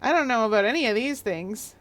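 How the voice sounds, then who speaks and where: A woman's voice: fairly high pitch, animated, fairly quick, fairly bright tone. A woman streaming a game live, chatting casually in a playful, rambling, self-mocking way. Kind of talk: casual live gameplay commentary.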